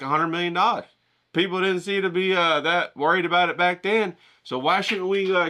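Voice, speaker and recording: A man's voice: fairly high pitch, bright, forceful tone. A man hosting an art vlog, chatting casually to his viewers in an upbeat, rambling, slangy way. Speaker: art vlogger.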